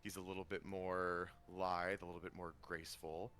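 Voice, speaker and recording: A man's voice: low voice, little pitch movement, normal speed, a bit bright, a little hiss or hum. A man narrating a tabletop game as game master, rambling with ums and restarts.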